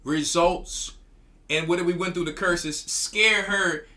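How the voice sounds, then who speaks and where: A man's voice: high voice, steady tone, takes it slowly, pushed and bright. A man, a church elder, preaching commentary in a scolding tone, often stumbling and repeating his words.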